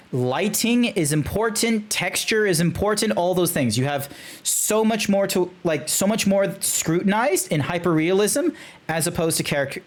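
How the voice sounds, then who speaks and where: A man streaming live, rating fan character art in a loose, rambling way, often restarting, swearing and laughing. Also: sits high. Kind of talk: casual live-stream commentary.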